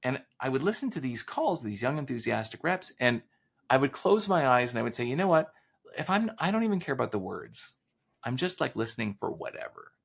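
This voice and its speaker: A man talking about selling, with a voice that swings widely in pitch and carries a gravelly texture. He tells stories and acts out both sides of the conversations in them. The style is casual podcast talk. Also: fairly quick. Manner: animated storyteller, acts out quoted dialogue. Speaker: sales author and consultant guest.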